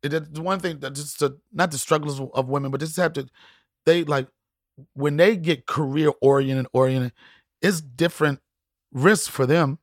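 A middle-aged man, a comedian guest, telling stories in casual chat with loud, profane, laughing punchlines. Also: a little high, normal speed, dry recording, studio quality.

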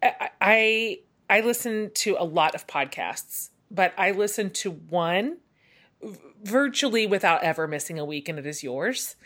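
A woman's voice: mid-range voice, expressive, a little slow, a bit bright. A woman hosts a podcast and talks with her guest in an effusive, enthusiastic manner. She leans on fillers and restarts as she chats. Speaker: podcast host. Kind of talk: casual interview chat.

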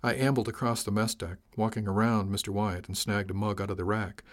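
A man's voice: fairly low pitch, fairly even intonation, a little fast, few pauses. Man narrating with dry command. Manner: dry, commanding captain's dialogue. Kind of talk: first-person audiobook narration.

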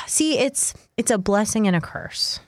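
American woman, 30s, podcast co-host, rambling animated storyteller, mid pitch, dry close sound. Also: slow, no echo. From United States. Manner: animated storyteller, lots of "like" fillers. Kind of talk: casual chat, storytelling.

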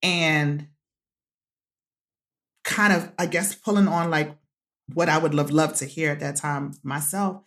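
A woman guest author sharing a personal story in an interview, animated and repeating phrases for emphasis, laughing often. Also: low voice, takes it slowly, long pauses. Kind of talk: emotional conversational interview.

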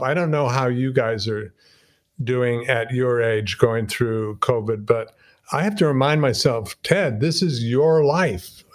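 An older man talking as an interview guest, thoughtful and self-deprecating, often restarting his sentences as he reflects. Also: medium pitch.

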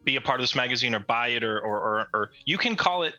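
Bright-voiced man explaining casually. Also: mid-range voice, lively intonation, quick pace, no room sound, lo-fi sound, faint music behind. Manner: explanatory, repeats words. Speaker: podcast cohost, magazine editor. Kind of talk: casual chat.

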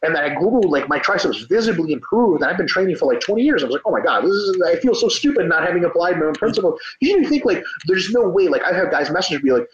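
A man co-hosting a casual discussion, animated and profane, acting out the people he quotes. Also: a little high, quick pace, few pauses, reverberant, lo-fi sound. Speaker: podcast co-host, coach.

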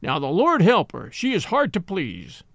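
A man's voice: high-pitched, sing-song, normal speed, no echo, studio quality. A man voicing a sly, sneering old nobleman who mocks his captive, with a harsh barking edge. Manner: leering, sudden harsh barking tone.

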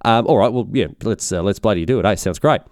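A man voicing an indignant young noble mother, talking in a shrill, incredulous way. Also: fast talker, a little mellow, no room sound, clean studio sound, natural voice. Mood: agreeable.

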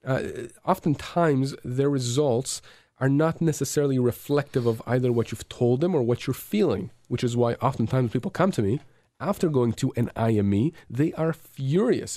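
A man's voice: medium pitch, warm tone, dry recording. A man, a lawyer giving emphatic advice on a radio talk show and often stumbling over his words as he restarts. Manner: earnest, emphatic, many restarts and stammers. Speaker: insurance and injury lawyer. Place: radio studio.

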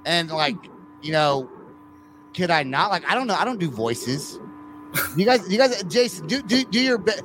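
A middle-aged podcast host tells profane stories in loose, laughing casual chat, animated throughout. His voice sits high, at a moderate pace with long pauses, and there's background noise.

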